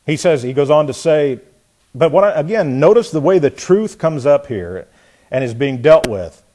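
A man preaching a sermon with a somewhat high voice. He reads scripture in old-fashioned phrasing, then breaks off to comment, his volume rising sharply and falling to near-whispers as he drives points home. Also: lively intonation, moderate pace, warm tone. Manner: laughs at times while preaching.

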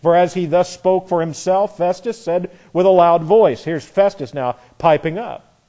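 Mellow-voiced man preaching a Bible lesson. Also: sits high, measured pace. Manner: conversational, reads scripture then comments. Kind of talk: expository sermon.

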